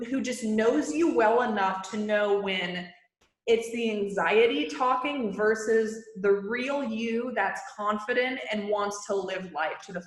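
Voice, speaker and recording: A woman's voice: medium pitch, roomy sound. A woman talking casually as a podcast guest, chatty and full of fillers like "like" and "you know". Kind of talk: casual interview talk.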